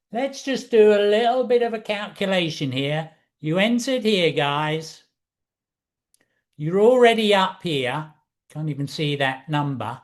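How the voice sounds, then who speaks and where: Excitable high-voiced man teaching trading. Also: slow. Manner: excitable, repetitive, showman-like. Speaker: trading instructor. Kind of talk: screen-share trading walkthrough.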